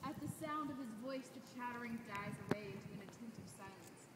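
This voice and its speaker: A woman reading the stage directions of a play in a measured, descriptive way. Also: on the high side. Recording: distant, roomy, noisy recording.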